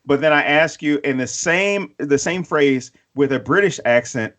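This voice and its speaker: A man co-hosting a podcast, telling stories in a profane, animated way and acting out quotes. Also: a little high, normal speed. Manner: acts out quotes in other voices. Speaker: podcast co-host. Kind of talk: casual chat.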